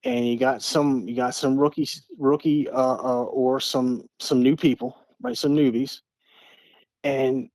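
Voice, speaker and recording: A man's voice: medium pitch, animated, unhurried, vocal fry, darkish tone, no echo. A middle-aged man from Eastern Maryland, a podcast guest telling a story in an earnest, repetitive way, often restarting his phrases. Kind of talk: casual storytelling.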